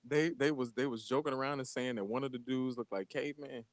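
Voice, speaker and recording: A man guesting on a casual chat show, easygoing banter with swearing and shout-outs. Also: medium pitch, fairly even intonation, quick pace, dry recording.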